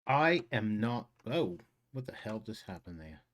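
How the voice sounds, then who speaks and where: A man playing a tabletop game, thinking out loud in a wry, musing way. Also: on the low side, sing-song, unhurried, heavy background noise. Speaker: player.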